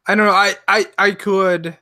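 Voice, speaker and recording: Bright-voiced, animated male co-host. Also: high-pitched, normal speed, no echo, clean studio sound. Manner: animated, hesitant restarts, acts out reactions. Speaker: podcast co-host. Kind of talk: casual chat.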